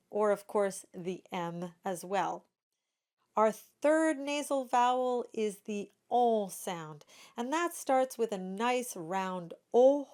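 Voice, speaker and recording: A woman singing teacher giving a pronunciation lesson, demonstrating each vowel sound slowly and carefully. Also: medium pitch.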